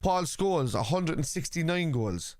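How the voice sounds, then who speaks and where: A man's voice: a little high, lively intonation, normal speed, dry recording, clean studio sound. A man hosting a live football watchalong from his computer at home, arguing with chat, swearing bluntly, and reading stats aloud. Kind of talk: live-stream chat, answering viewers.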